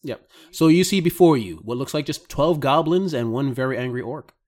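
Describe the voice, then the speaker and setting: A man's voice: medium pitch, expressive, moderate pace, darkish tone. A man narrating as game master of a tabletop role-playing game, easygoing and often laughing.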